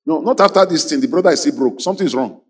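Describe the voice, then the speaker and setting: A man preaching a fiery sermon, leading the crowd in call-and-response chants and bursting into shouts. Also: fairly high pitch, animated, rapid-fire, slightly rough. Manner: exhorting, repetitive, bursts into shouts.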